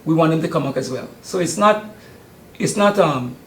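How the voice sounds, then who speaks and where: A man's voice: fairly high pitch, expressive, normal speed. An older man, chatting in an interview about the youth sports camp he runs, with many hesitant ums. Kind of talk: casual interview. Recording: roomy studio sound.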